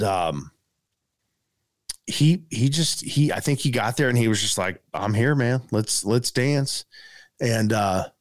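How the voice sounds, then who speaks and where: Animated man telling a story, dry sound. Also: on the low side, no echo. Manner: animated, rambling with fillers like "man" and "dude". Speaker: podcast guest. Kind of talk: casual storytelling.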